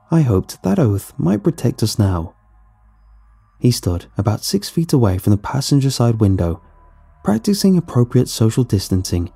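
A man narrating a first-person horror story in a steady, tense storytelling voice. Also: fairly low pitch, vocal fry, slightly rough.

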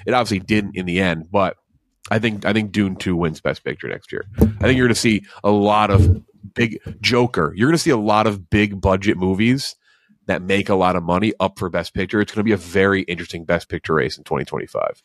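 A man with a very low, deep voice chats casually on a movie podcast. He rambles and restarts his sentences as he works through his takes. The sound is dry and close, with no room around it. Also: brisk, no echo. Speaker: podcast co-host.

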